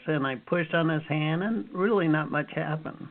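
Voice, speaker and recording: A man in his fifties, an author telling lively stories from his life as an interview guest. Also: on the high side, normal speed, few pauses. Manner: animated storyteller, acts out his own past reactions. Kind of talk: storytelling interview answers. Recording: phone-like narrow sound.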